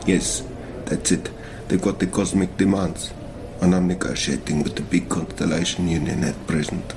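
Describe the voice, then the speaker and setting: A man voicing a cheeky South African man in jail who leaves a hushed, half-whispered, rambling phone message. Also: sits low, vocal fry, background noise.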